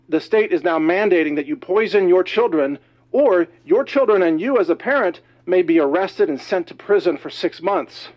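Male commentator, high-ish voice, winded, urgent rapid-fire delivery, muffled lo-fi recording. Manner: rapid, alarmed, emphatic delivery. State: out of breath. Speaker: news commentator. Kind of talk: urgent news monologue.

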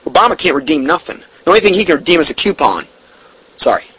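Husky bright-voiced preacher man. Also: a little high, very animated, poor audio. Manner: preachy, indignant, reads quotes slowly and emphatically; sarcastic asides. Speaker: Bible study teacher. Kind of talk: recorded Bible study lesson.

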